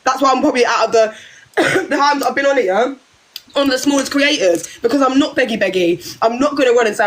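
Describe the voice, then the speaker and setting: A young British woman in a heated livestream argument, pouring out rapid, emphatic words. Her voice sits fairly high and races along. She keeps pressing her point without pause. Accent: British English. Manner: passionate, fast, emphatic. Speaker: livestream guest.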